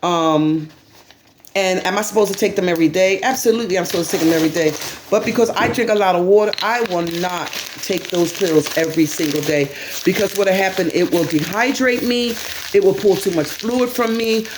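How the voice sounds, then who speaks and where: A woman's voice: fairly low pitch, brisk, noisy background. A woman talking to her channel in a casual commentary vlog, rambling and repeating herself with many fillers. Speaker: vlogger.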